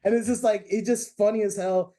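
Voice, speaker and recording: A man as a podcast guest, telling stories in an animated way and swearing freely. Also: sits high, fairly quick. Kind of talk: casual chat.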